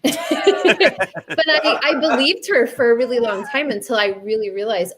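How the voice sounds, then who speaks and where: A woman on a live podcast stream, sharing a personal story softly and earnestly in casual chat. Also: fairly high pitch, measured pace, crowd noise. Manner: soft, earnest and trusting storyteller. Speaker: podcast host.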